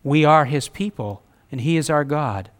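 A man delivering a sermon in an earnest, direct way. His voice sits fairly high. He mixes scripture readings with plain-spoken asides to the congregation. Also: normal speed. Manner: earnest, preaching with rising emphasis and repetition; reads scripture aloud, conversational asides. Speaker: preacher.

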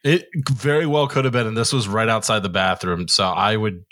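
A man's voice: on the low side, a little fast. A man in his thirties co-hosting a podcast, telling a story in casual chat, acting out what people said and swearing freely. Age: 30s. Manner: animated storyteller, acts out quotes, swears freely. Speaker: podcast co-host.

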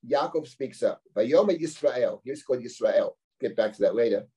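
Another middle-aged rabbi leads a live class on a biblical text, his medium-pitched voice warm and breathy with lively intonation at a moderate pace. He reads Hebrew verses and translates them, explaining conversationally and posing rhetorical questions.

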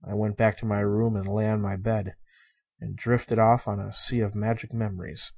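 Male audiobook reader, husky and low, measured emotive first-person narration. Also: flat delivery. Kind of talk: storybook reading.

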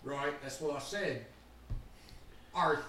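A man's voice: a little high, takes it slowly, sharp tone, distant mic, slight background noise, heavily acted. A man voicing a chatty, offbeat alien who rambles off on jokey tangents. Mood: rambling. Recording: very echoey room, voice off-mic.

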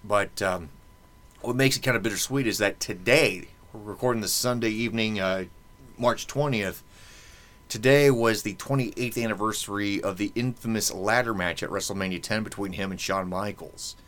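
A man in his thirties with a fairly low voice hosts a casual podcast. He rambles and jokes through his stories, filling pauses with plenty of ums and uhs. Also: fairly bright tone. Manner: rambling, joking, many fillers. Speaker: podcast host. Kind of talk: casual chat.

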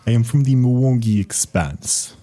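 A man's voice: medium pitch, expressive, measured pace, dark tone, natural voice. A man voicing a very tall, stern human warrior who speaks formally without contractions. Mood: stiff formal.

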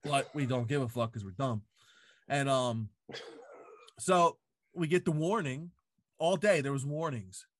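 A man's voice: medium pitch, measured pace, pauses often, a bit bright, dry recording, studio quality. A man in casual chat, telling a story full of swearing and "like" fillers, recorded in a home basement.

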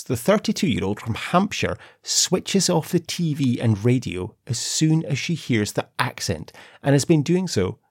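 A man's voice: medium pitch, darkish tone, slightly rough, dry recording, clean studio sound. A Scottish man co-hosting a podcast in casual chat, swearing and laughing often. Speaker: podcast co-host.

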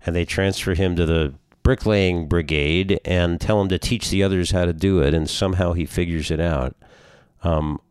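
A man's voice: sits low, steady tone, moderate pace, darkish tone, clean tone, no room sound, clean studio sound. A man interviewing an author, asking curious, engaged questions. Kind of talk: conversational interview.

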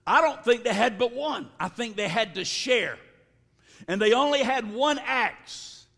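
A high-pitched male preacher delivering a sermon at a slow, deliberate pace, stretching his words and bursting into shouts now and then. His voice rings with the long reverb of a big church sanctuary. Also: expressive, vocal fry. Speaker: pastor. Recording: long reverb of a large hall.

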